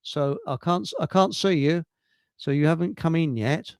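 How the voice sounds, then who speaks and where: A man hosting a casual livestream, rambling and halting over technical trouble with many restarts. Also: on the high side, clean tone, no room sound, studio quality. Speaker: livestream host. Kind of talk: casual chat. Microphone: computer mic on a video stream.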